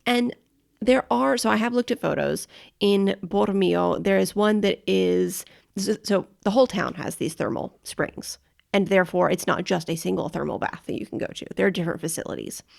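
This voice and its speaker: A woman's voice: mid-range voice, normal speed, creaky. A woman co-hosting a casual travel podcast, enthusiastic and informative, often correcting herself. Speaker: podcast co-host. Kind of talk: casual chat.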